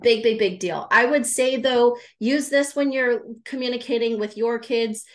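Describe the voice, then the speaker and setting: An earnest woman with a fairly high voice, talking live to her viewers. She repeats key words for emphasis and stops mid-thought to greet viewers. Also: normal speed. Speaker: grief recovery specialist. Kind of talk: live-streamed talk to viewers.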